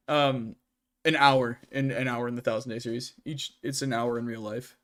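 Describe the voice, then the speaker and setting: A man's voice: mid-range voice, steady tone, a little slow, fairly bright tone. A young adult man hosting a casual livestream Q&A while gaming, talking in a rambling, chatty way with many restarts and fillers. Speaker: streamer and channel host.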